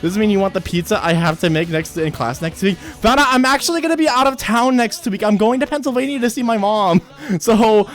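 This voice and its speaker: A young man chatting with his livestream chat, excitable, swearing freely and repeating himself at home. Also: high voice, brisk, soft background music. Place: home streaming setup.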